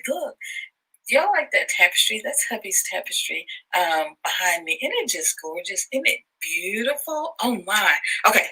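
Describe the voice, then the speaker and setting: A woman from the United States presenting a promotional vlog clip in a bubbly, gushing, excitable way. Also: medium pitch, moderate pace, breathy edge, rough recording. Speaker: channel host.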